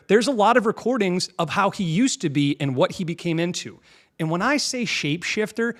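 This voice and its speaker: Young guy ranting political commentary, sarcastic and combative, a bit high voice. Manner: mocking, combative, mimics clips. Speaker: commentary show host.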